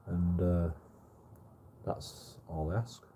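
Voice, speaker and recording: A man's voice: low voice, flat delivery, drawn-out words, mellow, slight background noise. A man telling a rambling story on a livestream, swearing heavily and repeating himself.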